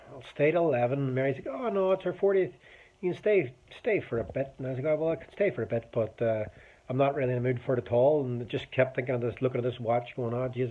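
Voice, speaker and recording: A Northern Irish man in his forties talks straight to the camera, rambling through a personal story with frequent restarts and a swear word here and there. His voice sits at an ordinary middle pitch. The sound is thin and tinny, like a phone line. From Northern Ireland. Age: 40s. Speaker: vlogger. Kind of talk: casual personal monologue.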